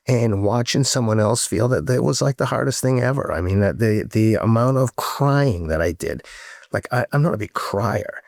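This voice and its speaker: Middle-aged male guest, low-pitched, frank and earnest, swears casually; dry, close recording. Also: expressive, moderate pace, vocal fry, a little mellow, no room sound. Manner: blunt and frank, swears freely; earnest storytelling with rising emotion. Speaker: podcast guest. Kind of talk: candid casual interview talk.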